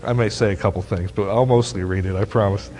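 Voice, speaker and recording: A man's voice: lowish voice, fast, slight background noise. Man preaching a sermon in a hall. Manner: animated, asks the congregation questions. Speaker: pastor. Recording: long hall reverb.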